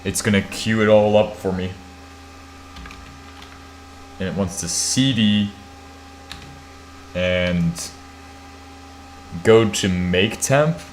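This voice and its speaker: A man's voice: on the low side, extremely slow, pauses often, a little hiss or hum. A sleepy American man on a live stream, thinking aloud as he types commands, swearing now and then and poking fun at himself. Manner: thinks aloud while typing, swears, self-mocking. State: half asleep. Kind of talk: casual live-stream chat.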